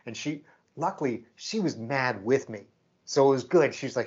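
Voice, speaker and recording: A man's voice: medium pitch, moderate pace, husky, muffled recording. A man co-hosting a podcast, telling a story in casual chat and acting out the back-and-forth of what people said. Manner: animated, acts out quoted exchanges. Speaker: podcast co-host.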